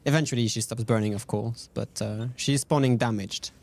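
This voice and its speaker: A man's voice: medium pitch, steady tone, moderate pace, gravelly, darkish tone. Laid-back man hosting a game stream. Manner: laid-back, rambling, fillers, answers chat. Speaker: stream host. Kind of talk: casual gameplay commentary.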